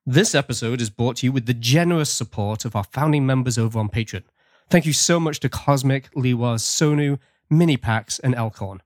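A man's voice: mid-range voice, brisk, darkish tone, dry recording, studio quality. A man from Britain hosting a podcast, chatting casually and laughing often. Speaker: podcast host.

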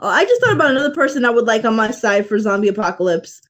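Fairly high-voiced woman chatting, rambly, keeps restarting sentences. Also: big pitch swings, very fast, fairly bright tone, poor audio. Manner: rambling, restarts her sentences while telling stories. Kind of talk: casual chat.

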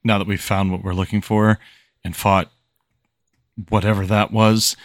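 A man talking as a tabletop game player, deadpan and wry. His voice sits on the lower side, and the recording is dry. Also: a little slow, no room sound. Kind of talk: casual tabletop game chat.

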